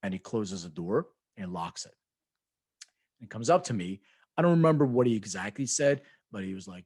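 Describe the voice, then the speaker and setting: A man's voice: on the low side, expressive, normal speed, darkish tone, breathy edge, no echo. A man co-hosting a podcast, telling rambling anecdotes in casual chat, acting out quoted voices and laughing often. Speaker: podcast co-host.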